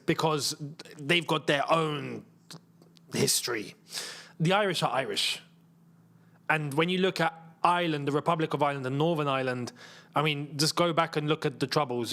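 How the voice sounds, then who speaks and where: With a bit of brightness in a voice that sits on the high side, this young Englishman runs a football watchalong live stream. He chats and commentates casually, explaining at length and leaning on lots of fillers.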